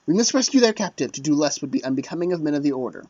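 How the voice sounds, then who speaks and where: A man's voice: fairly high pitch, animated, racing, a little mellow, no echo. A man voicing an earnest, dutiful young male squire in a medieval war, with a put-on pseudo-British delivery. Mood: urgent. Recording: dull lo-fi dry mic.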